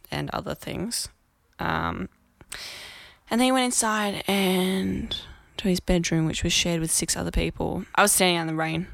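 A woman in her twenties with an Australian accent, hosting a podcast and telling stories in a blunt, chatty way with lively acted-out quotes. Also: on the low side, vocal fry, no room sound, studio quality. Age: 20s. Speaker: podcast host. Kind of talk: casual monologue.

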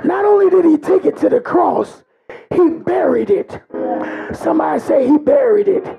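Man preaching hard, real high gravelly voice, cries and shouts, kinda muffled lo-fi recording. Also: expressive, moderate pace. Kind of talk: sermon.

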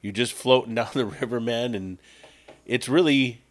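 A man's voice: medium pitch, moderate pace. A man chatting casually on a podcast, easygoing, often agreeing and repeating words as he talks.

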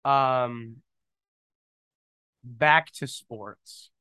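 A podcast host in his twenties talks extremely slowly in a medium-pitched, sharp, clear and resonant voice, with no echo. His casual solo show is jokey and rambling, full of tangents, recorded with a studio microphone on camera.

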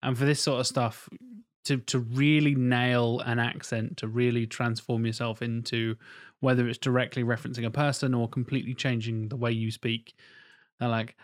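A man's voice: mid-range voice, normal speed. Man telling stories with swearing. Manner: swears freely, animated storytelling. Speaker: podcast co-host. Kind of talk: casual podcast chat.

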